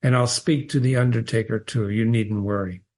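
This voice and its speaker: A man voicing a small-town doctor who speaks softly and reassuringly. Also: medium pitch, steady tone, normal speed, pitched below the performer's own voice, natural voice. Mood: gentle.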